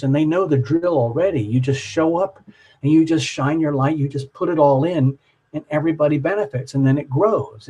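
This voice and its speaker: A man's voice: a little high, a little mellow, husky, low-quality recording. A man hosting a live tarot reading, talking in a rambling, dreamy way full of "like" and "you know".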